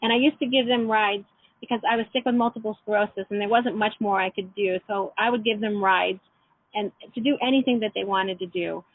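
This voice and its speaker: A middle-aged woman leading an online class, telling personal stories in a gentle, reflective way. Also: mid-range voice, steady tone, fairly quick, dry recording. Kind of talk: teleclass lesson with personal stories. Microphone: phone or computer call. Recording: tinny phone line.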